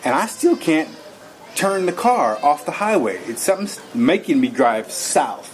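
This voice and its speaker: A man telling a personal story in an interview. He rambles in an animated way and acts out his own lines as he goes. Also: a little high, measured pace. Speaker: interview guest. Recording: noisy recording.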